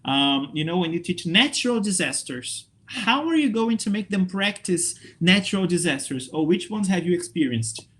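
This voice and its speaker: A man from Brazil leads an online training session for English teachers over a computer mic. His voice sits a little higher than most men's, and he keeps it upbeat and lively, checking in with his listeners again and again. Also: moderate pace, hardly any pauses. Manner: lively, upbeat, checks in with frequent okay and right.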